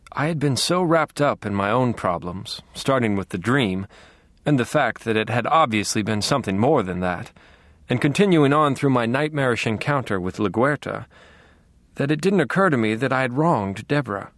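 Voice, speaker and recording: Guy reading an audiobook in first person, wry and measured, mid-pitched, dead dry sound. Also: animated, a bit bright, dry recording. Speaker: audiobook narrator.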